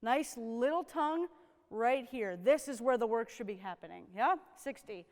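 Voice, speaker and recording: A woman's voice: fairly high pitch, expressive, normal speed, in a large hall. A woman horn teacher coaching young players in a rehearsal, upbeat and encouraging, often checking in with "right?". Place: rehearsal room with young musicians.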